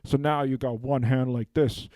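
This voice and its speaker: A man improvises a rambling, absurd comic monologue and keeps checking in with "okay?". His voice is warm and mellow at an ordinary pitch. He is recorded dry and close on a handheld mic. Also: steady tone, normal speed, dry recording. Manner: rambling, drops "okay?" after nearly every phrase. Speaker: improv comedian. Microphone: handheld microphone.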